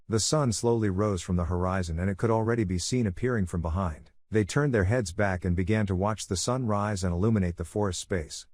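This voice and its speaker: A man narrating a comic recap in flat reported-speech storytelling. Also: on the low side, no room sound, studio quality. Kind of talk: scripted manhwa recap narration.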